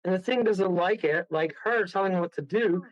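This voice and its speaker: A man's voice: high-pitched, brisk, no echo, highs cut off. A man, a guest medium on a radio show, telling a rambling story full of laughs and acted-out quotes.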